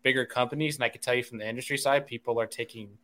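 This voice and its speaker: A man in casual podcast conversation, speaking at an ordinary pitch. He rambles, restarting his sentences and padding them with "like" and "you know". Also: steady tone, racing, bright, forceful tone. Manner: rambling, many fillers and restarts. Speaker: podcast co-host, fishing industry insider. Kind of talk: casual chat.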